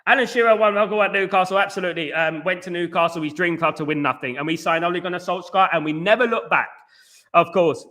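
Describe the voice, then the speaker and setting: Guy on a football fan livestream, high bright voice, rattling off chat shoutouts nonstop. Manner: rapid, animated, reads out chat messages with banter. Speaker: fan channel host reading live chat. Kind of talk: fast casual live-stream chat.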